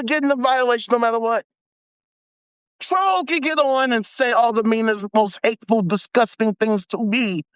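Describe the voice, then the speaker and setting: A man's voice: very high voice, a bit bright, clean tone, no echo. A man hosting a live stream, ranting angrily and sarcastically with heavy swearing. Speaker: livestream host. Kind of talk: angry profane rant.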